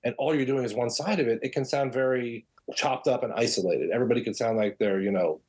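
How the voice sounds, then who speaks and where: A man guest on a podcast, chatting casually and telling animated stories about directing audio dramas. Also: mid-range voice, fast talker, slightly rough. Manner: animated storyteller, mimics people in quotes. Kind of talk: casual interview chat.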